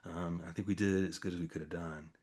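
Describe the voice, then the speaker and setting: Man, forties, deep voice, husky, casual storyteller, acts out quotes. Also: steady tone, fast talker, a little mellow. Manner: conversational, acts out quoted dialogue, frequent fillers. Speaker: storyteller recounting a campus crisis. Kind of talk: casual spoken storytelling to a small audience.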